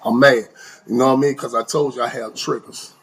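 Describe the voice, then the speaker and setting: A man telling an animated, slang-heavy story in a casual way, his voice leaping up for emphasis. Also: medium pitch, fairly quick, husky. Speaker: storyteller recounting prison life.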